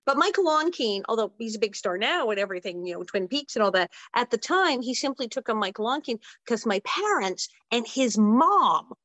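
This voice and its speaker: Older woman guest, lively anecdotal talker with quick asides, dry close sound. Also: fairly high pitch, no room sound. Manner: animated, quick asides and acted-out quotes. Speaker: interview guest. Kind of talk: casual storytelling.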